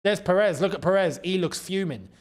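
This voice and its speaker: A young London-accented man talks fairly quickly in a high-pitched voice as he hosts a live football watchalong. The casual match commentary is full of laughter, and he reads viewer super chats aloud.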